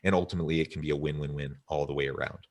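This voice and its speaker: Male webinar host, very deep voice, thoughtful and long-winded, on a video call. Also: fairly even intonation, racing. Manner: reflective, wordy, with filler ums. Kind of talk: interview chat.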